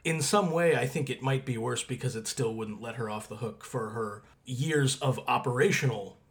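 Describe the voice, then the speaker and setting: A man co-hosting a podcast about a TV drama. He speaks in a measured, thoughtful way, with a voice of middling pitch. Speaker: podcast co-host. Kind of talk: analytical casual discussion.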